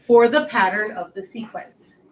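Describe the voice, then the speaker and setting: A woman's voice: medium pitch, animated, a little slow. A woman teaching a math class, explaining each step patiently, recorded from across an echoey classroom. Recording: echoey classroom, far mic.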